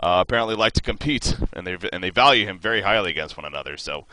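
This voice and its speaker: A man's voice: deep voice, animated, rapid-fire, noisy background. A man co-casting an esports match over a voice call, chatting enthusiastically and restarting his phrases as he goes. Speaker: esports co-caster. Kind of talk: esports color commentary.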